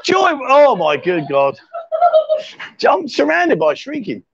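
A man's voice: high voice, wildly swooping pitch, takes it slowly, gravelly, breathy edge, dull audio. A man hosting a live stream from a bar, joking and teasing as he reads viewer comments aloud between pool shots. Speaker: livestream host. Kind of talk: live stream chat while playing pool. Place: lively bar.

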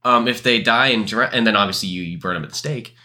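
A young man co-hosting a casual podcast, joking and laughing, then reading a scary story aloud slowly. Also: lowish voice, bright, forceful tone. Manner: joking, laughs often, slow deliberate reading. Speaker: podcast co-host.

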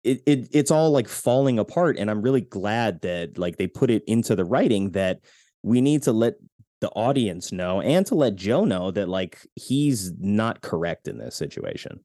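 A man hosts a casual movie podcast, talking in a low, warm, mellow voice that sits close and dry on the mic. He is lively and laughs easily, and slips into acted voices when quoting scenes. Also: moderate pace, no echo. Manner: animated, laughs often, acts out quotes. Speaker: podcast host. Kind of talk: casual film discussion.

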